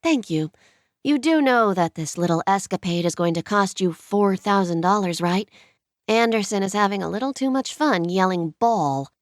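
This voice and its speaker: A woman voicing a sharp-tongued young professional woman with tart sarcasm. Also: medium pitch, expressive, normal speed, dry recording, studio quality, lightly acted. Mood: sarcastic.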